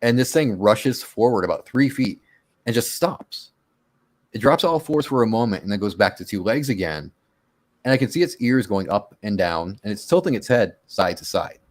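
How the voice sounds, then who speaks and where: A man casually telling his own monster encounter story on a radio show, animated and acting out his own quotes. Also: lowish voice, moderate pace.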